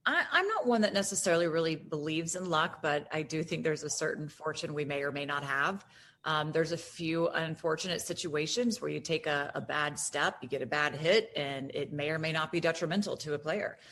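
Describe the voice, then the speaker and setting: A woman from Florida, a guest on a sports podcast, talking in an animated way with lots of fillers and restarts. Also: deep voice, brisk. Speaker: guest broadcaster. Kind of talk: casual podcast chat.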